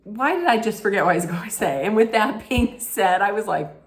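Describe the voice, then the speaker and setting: A woman's voice: mid-range voice, expressive, fairly quick. A woman hosting her own reality TV recap, ranting casually in a blunt, heated way straight to her viewers.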